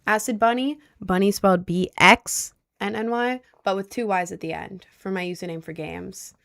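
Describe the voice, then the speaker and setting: A woman's voice: medium pitch, moderate pace, creaky, fairly bright tone. A young woman livestreaming from home, chatting casually and answering viewer messages, rambling with lots of fillers. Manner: rambling with many likes and I don't knows.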